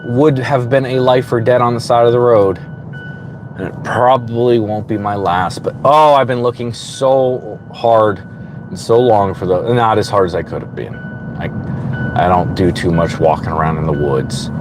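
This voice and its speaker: Chatty man vlogging from a car, low voice, loud road noise. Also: measured pace. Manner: chatty, rambling, frequent fillers and restarts. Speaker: reptile vlogger. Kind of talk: casual running commentary while road cruising. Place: in a car on a road at night, outdoors.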